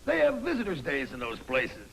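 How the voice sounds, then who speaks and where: Gravelly smart-mouth gi, voice jumps all over, music behind. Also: male voice, medium pitch, huge pitch swings, normal speed, poor audio. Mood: sarcastic. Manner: mocking, tough-guy wisecracks. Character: gruff sarcastic male army soldier. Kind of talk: 1950s film comedy acting. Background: film score music.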